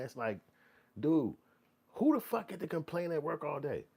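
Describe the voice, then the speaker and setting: A man's voice: medium pitch, fairly quick, creaky, breathy edge. A man hosting a commentary show, ranting bluntly and profanely and mocking people in put-on voices. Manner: blunt, animated, swings into mocking quoted voices.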